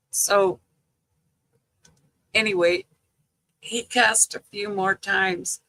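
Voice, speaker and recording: Slow-talking older woman with a gravelly voice. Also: mid-range voice, steady tone, bright, forceful tone, slight background noise, poor audio. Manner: slow, chatty storytelling with frequent "you know" and laughter. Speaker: livestream host chatting with viewers. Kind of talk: casual live chat.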